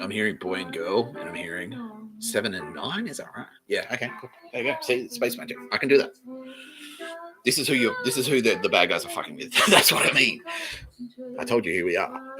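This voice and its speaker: A man's voice: lowish voice, expressive, a little fast, music in the background, low-quality recording. An Australian man hosting a comedy podcast, rambling through a profane monologue and laughing mid-sentence.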